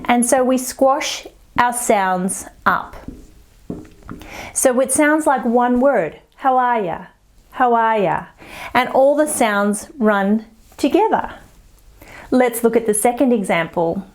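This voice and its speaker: A woman with an Australian accent teaching an online English lesson, encouraging and demonstrating phrases slowly. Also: on the high side, expressive.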